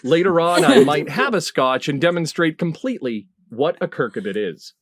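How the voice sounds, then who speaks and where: A man's voice: a little high, animated, normal speed, fairly bright tone, dry recording. Mock-serious man on a dry mic. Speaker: podcast panelist. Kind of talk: casual podcast chat.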